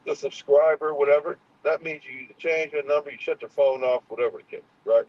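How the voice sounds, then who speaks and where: A man's voice: mid-range voice, fast talker, hardly any pauses. A man hosting a casual livestream, heated and profane, often restarting his sentences. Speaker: channel host. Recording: muffled lo-fi sound.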